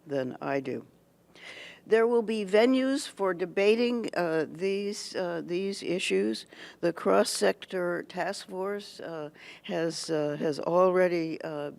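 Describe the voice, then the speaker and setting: Slow, gravelly speaker at a lectern. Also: mid-range voice. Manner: deliberate, halting, many pauses and restarts. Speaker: speaker addressing a schools association meeting. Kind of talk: prepared public speech. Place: meeting hall at an annual meeting.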